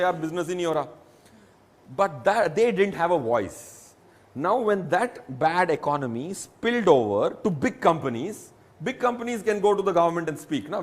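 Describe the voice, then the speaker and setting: A man with an Indian English accent explaining personal finance emphatically, using examples. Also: fairly high pitch. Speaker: financial advisor. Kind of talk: reassuring public talk.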